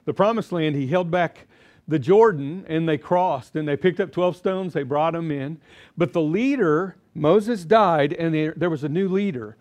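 A man's voice: a little high, a little slow, darkish tone. A middle-aged man teaching a Bible seminar to a live audience, chatty and quizzing them as he goes. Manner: chatty, asks audience questions, acts out quotes.

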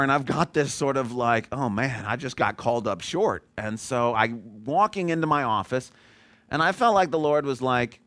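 Preaching a sermon, a middle-aged man shares a personal story in a self-deprecating, conversational way. He has a medium-pitched, slightly bright voice, speaks at a moderate pace, and the recording has no room sound.

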